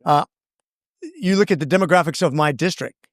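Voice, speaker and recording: An earnest man talking at length as a guest on an interview show, circling back and restarting his sentences as he goes. His voice sits fairly high for a man. The sound is dry and close, with no room echo. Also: brisk. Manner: earnest, rambling, with many restarts. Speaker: congressman guest. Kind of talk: casual interview storytelling.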